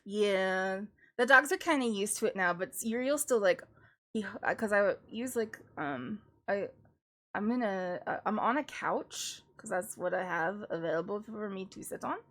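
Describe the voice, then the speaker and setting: A young woman streamer and classical singer chatting casually and jokingly while doing vocal warm-ups. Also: mid-range voice, moderate pace. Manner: joking, self-deprecating, chatty.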